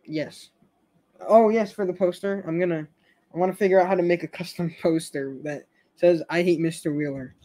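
A man's voice: high voice, normal speed, warm tone. A young man hosting a casual fan stream, rambling with frequent stammers, restarts and laughs. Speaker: show fan host.

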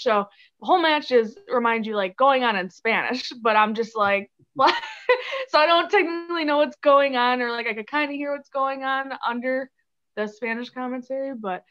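A woman's voice: fairly high pitch, fairly quick, fairly bright tone, dull audio. A young woman from Chicago, a guest on a podcast, chatting casually and giggling, with many "like"s and "um"s. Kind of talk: casual interview chat.

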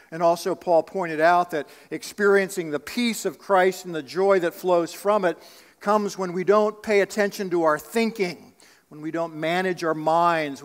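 A man preaching a sermon as pastor, earnest, asking the congregation rhetorical questions. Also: a little high. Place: church sanctuary. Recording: long reverb of a church sanctuary.

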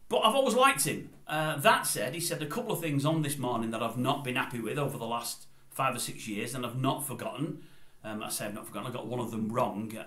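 A man's voice: mid-range voice, pushed and bright. An older man giving his opinions in a casual vlog, rambling and going off on tangents. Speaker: YouTube commentator. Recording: roomy echoey room.

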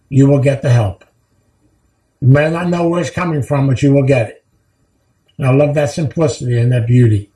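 A man's voice: medium pitch, mellow, echoey room, rough recording. A man giving a heartfelt recovery talk, telling stories earnestly and repeating key phrases for weight. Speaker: recovery speaker.

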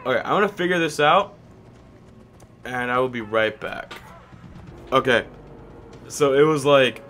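This let's-play host chats casually over his gameplay, wandering off into talking to himself as his cracky voice occasionally breaks. His mid-range voice is somewhat bright, with lively intonation and an unhurried pace, and faint music plays behind him.

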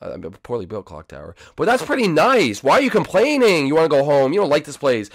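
A young man giving a comedic reaction commentary, incredulous and excitable, who keeps repeating himself. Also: on the high side, fast, a little hiss or hum. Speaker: YouTube commentator.

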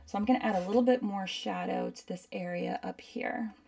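A woman's voice: mid-range voice, a little fast, gravelly, a little mellow, distant mic, faint music behind. A woman instructor chatting casually through a live painting demo, rambling and saying "like" a lot. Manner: chatty, rambling, uses lots of "like". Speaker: art instructor.

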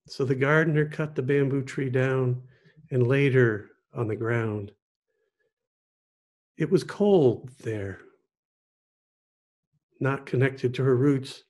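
A man, a pastor, telling a parable in a sermon, gently and with pauses. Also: medium pitch. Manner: slow, gentle storytelling with pauses. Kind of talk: storytelling sermon.

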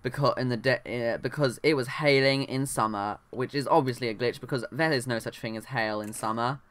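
In a dry recording, the same kind of casual let's-play chatter runs a bit fast, the voice mid-range and fairly bright. This young adult rambles, addresses the in-game characters, and frequently leaves sentences unfinished.

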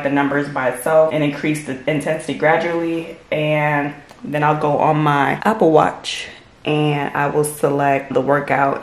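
A young woman talking casually through her home workout routine, keeping her voice hushed in the early morning. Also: deep voice, rough recording. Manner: hushed and soft, trying not to wake others. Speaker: fitness vlogger. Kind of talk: casual vlog narration.

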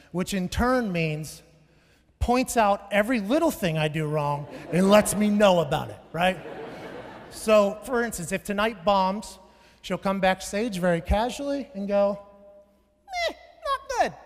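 A thirtysomething comic tells loud, profane stories from the stage of a large venue, regularly breaking into shouts. His high voice echoes through the hall with a long reverb tail.

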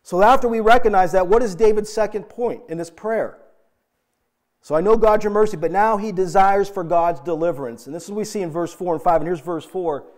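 A man's voice: high voice, brisk, darkish tone. A middle-aged male pastor preaching a sermon in an earnest, emphatic way, asking the congregation direct questions.

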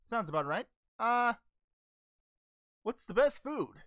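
A woman plays Goku, a cheerful, naive hero who fields fan questions in a goofy, scatterbrained way and keeps stumbling over ums. The voice sits fairly high and swoops all over the place. It is recorded dry and close, with no room sound at all. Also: sing-song, slow, a bit bright, no room sound, exaggerated voice. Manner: goofy, easily distracted, hesitant with many ums. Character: cheerful naive male alien martial-arts hero. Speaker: channel host answering fan questions. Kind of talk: in-character fan Q&A.

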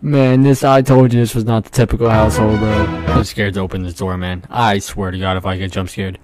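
A man's voice: lowish voice, flat delivery, brisk, over music. A young man playing a horror game, jumpy and nervous, swearing often and laughing at his own scares. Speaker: gamer.

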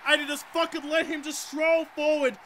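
A man's voice: very high-pitched, flat delivery, normal speed, sharp tone, slight background noise. An Australian man commentating his own football video game, ranting and swearing at his players with bursts of sarcastic politeness. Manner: exasperated, swearing rants at the game. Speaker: gaming YouTuber. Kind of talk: let's play commentary.

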